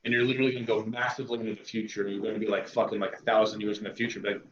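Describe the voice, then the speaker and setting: A man's voice: little pitch movement, rapid-fire, a little hiss or hum. A man from Northern Virginia hosting a casual stream, joking as he brews and cooks. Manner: joking, puts on silly high voices. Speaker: stream host brewing and cooking. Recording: roomy, dull home mic.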